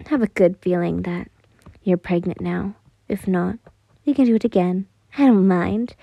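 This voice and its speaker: A woman putting on an obsessive, possessive young man from a fan fiction audio story, his voice jumping high and loud when he gets manic. He slips into clingy, breathy whispering. The tone is dark and mellow, close and dry. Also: no echo, exaggerated voice. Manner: unhinged laughter and clingy whispering.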